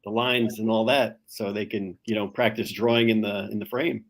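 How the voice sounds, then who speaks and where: A man's voice: fairly low pitch, fairly even intonation, moderate pace. A male co-host in a casual chat, agreeable and easygoing, mostly giving brief replies. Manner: agreeable, brief responses, easy laughter.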